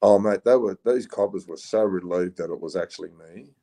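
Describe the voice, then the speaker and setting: A man's voice: low voice, a little fast, warm tone. A man with an Australian accent, a podcast guest telling stories in a laid-back, rambling way with frequent ums. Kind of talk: casual storytelling.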